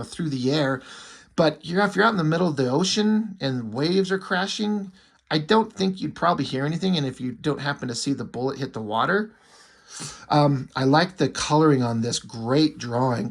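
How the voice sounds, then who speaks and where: Irreverent man giving casual comic commentary. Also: a little high. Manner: irreverent, swearing, wry asides. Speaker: comic book reviewer.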